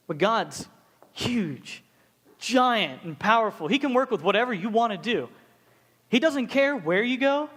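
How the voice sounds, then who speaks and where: A young man preaching a casual, joking sermon to students as a youth pastor, telling stories with animated asides. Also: high-pitched, a little slow, long reverb tail.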